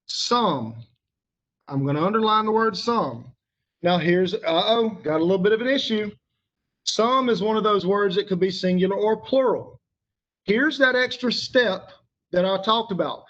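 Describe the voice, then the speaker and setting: A man with a high, fairly bright voice teaches a grammar lesson step by step, patiently asking the class questions and waiting for answers. The recording sounds a little dull.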